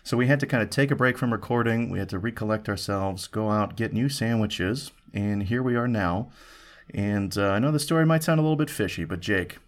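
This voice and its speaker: A man's voice: fairly low pitch, brisk. A man hosting a casual food review podcast, playful and theatrical, full of puns. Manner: playful, punning, theatrical storytelling. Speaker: podcast host.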